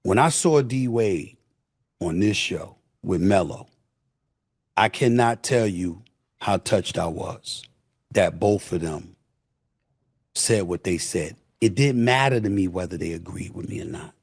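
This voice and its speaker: A man's voice: low-pitched, lively intonation, a little slow, darkish tone, husky. A man talking as a podcast guest, blunt and emphatic, repeating himself for stress. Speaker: podcast guest, media personality. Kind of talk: casual podcast conversation.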